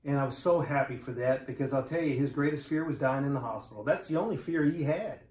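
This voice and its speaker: A man in his forties giving a funeral eulogy for a close friend, telling the story in a quiet, heartfelt, conversational way. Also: medium pitch, quick pace. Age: 40s. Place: church sanctuary. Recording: roomy echo of a church.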